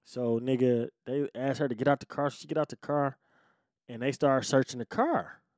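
A man with a mid-range voice tells a story from his own life in loose, profane street slang. He drops to a low mutter and then jumps into loud bursts. The sound is dry and close. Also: moderate pace, no room sound. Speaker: podcast host telling his life story. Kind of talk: casual storytelling.

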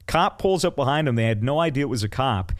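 Young guy telling a wild story to his buddies, swears a ton, rambles, average pitch. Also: expressive, fast. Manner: swears freely, loose rambling delivery with fillers; acts out quoted people in raised voices. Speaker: podcast co-host. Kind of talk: casual storytelling chat.

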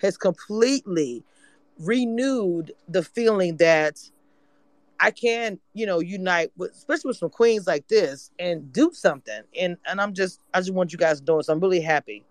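A woman from hosting a casual live chat, excitable and candid. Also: on the low side, moderate pace, no room sound. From Louisiana. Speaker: YouTube channel host.

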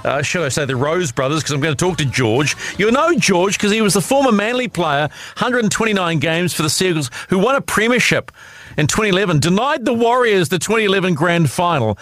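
A man hosting a sports radio show, chatting and teasing his guest in a casual, lively interview. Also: high-pitched, fairly quick.

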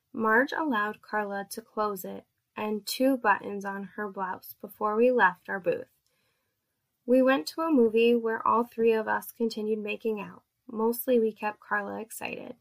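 A woman narrating an erotic story in a steady, measured reading voice. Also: medium pitch, gravelly.

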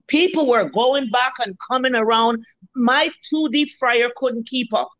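A Jamaican woman in her fifties, a restaurant cook, telling animated stories in a casual interview, acting out her customers and swearing freely. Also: a little high, measured pace, no echo, muffled recording.

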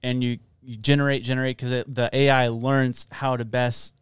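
Smooth-voiced rambling podcast host, a man. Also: medium pitch, normal speed, no room sound. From Florida. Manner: rambling, lots of fillers, animated storytelling. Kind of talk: casual chat.

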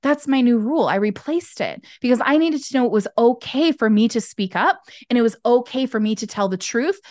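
A woman guest talking candidly in an interview over a video call, expressive and acting out the voices she quotes. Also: a little high, no echo, clean studio sound. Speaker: podcast guest, intuitive business owner. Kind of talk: candid conversational interview talk.

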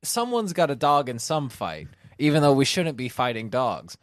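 A young man talks in casual chat, joking and quick to chime in. His pitch moves around a lot, and the sound is dry and close to the mic. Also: sing-song, dry recording.

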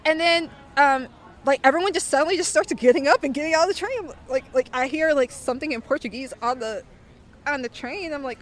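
A young woman in her twenties being interviewed and telling a story casually, animated and full of "like" fillers. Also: high-pitched, fairly quick.

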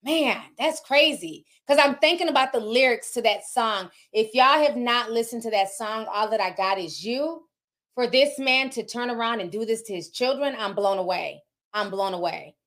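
A woman's voice: a little high, normal speed, a bit bright. A woman vlogger giving casual gossip commentary, reading posts aloud and reacting with emphatic shock between them.

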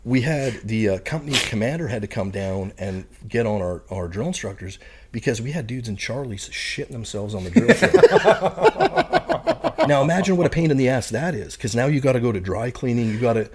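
A man's voice: medium pitch, lively intonation, fairly quick, a crowd in the background. A man in his forties from Canada, a retired Marine guest telling crude anecdotes in a laughing, casual way. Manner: profane, laughing anecdotes with lots of "like" and "right?". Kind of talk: casual storytelling.

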